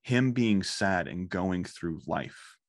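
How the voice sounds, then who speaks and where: A man in his thirties, a guest gushing about a cartoon in casual chat, excitable and close to tears, swearing freely. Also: sits low, slow pace, no echo. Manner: emotional, swearing, excitable storytelling. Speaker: guest, fan of the show.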